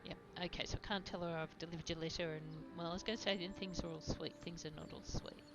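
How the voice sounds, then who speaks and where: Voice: medium pitch, fairly even intonation, fast, vocal fry, over music, low-quality recording. A gamer chatting casually and self-deprecatingly while playing a video game. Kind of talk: casual let's-play commentary.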